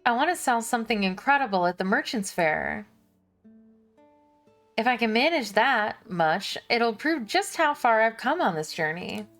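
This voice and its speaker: A cheerful young merchant girl voiced by a woman talks brightly and eagerly. Her voice sits a little higher and louder than the woman's plain speaking voice. It is read aloud during a video game stream. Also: big pitch swings, normal speed, faint music behind.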